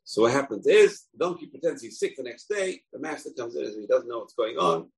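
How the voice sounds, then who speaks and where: Gravelly-voiced man teaching a story lesson. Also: medium pitch, a little fast, hardly any pauses, poor audio. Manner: animated, acts out characters. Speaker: Torah teacher.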